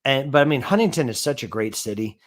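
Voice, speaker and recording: A man's voice: medium pitch, animated, fast. A man co-hosting a casual sports stream, explaining at length with many "I mean" and "you know" fillers. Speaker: co-host.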